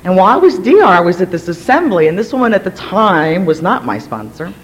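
A woman from Virginia telling her recovery story to a gathering, energetic and hyper, rambling with many restarts and self-deprecating asides. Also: lowish voice, fairly quick, rough recording. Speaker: speaker sharing at a recovery gathering. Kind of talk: personal story told to a gathering.

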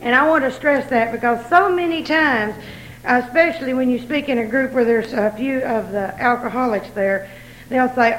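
A woman's voice: a little high, moderate pace, slight background noise, rough recording. Folksy woman teasing a crowd. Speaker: recovery meeting speaker. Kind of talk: casual speech to an audience.

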